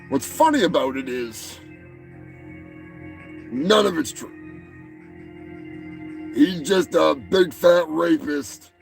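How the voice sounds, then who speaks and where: A man's voice: on the high side, creaky, poor audio. A male show host giving rambling, profane comedic commentary, often stumbling over and repeating his words.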